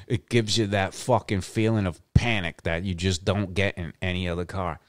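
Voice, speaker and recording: A middle-aged podcast host with a low voice delivers a brash, swaggering monologue at a moderate pace, with fairly even intonation. He curses heavily and repeats lines for emphasis. The studio-quality recording has no room sound.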